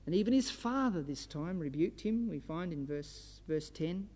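A man's voice: a little high, lively intonation, normal speed, a little mellow. A man preaching a sermon, exhorting his listeners fervently and pressing them with rhetorical questions. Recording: long reverb of a hall.

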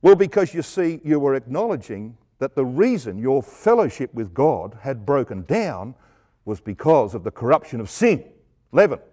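A middle-aged man preaches an emphatic Bible exposition sermon at normal speed in a medium-pitched voice with big swings in pitch. He poses rhetorical questions and shifts from loud stresses to hushed asides.

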